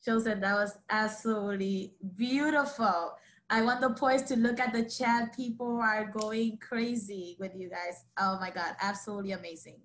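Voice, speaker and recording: A woman's voice: medium pitch, fairly even intonation, normal speed, a bit bright. A woman hosting a live online poetry event over a video call, speaking enthusiastically to the audience and introducing the next poet. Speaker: event host.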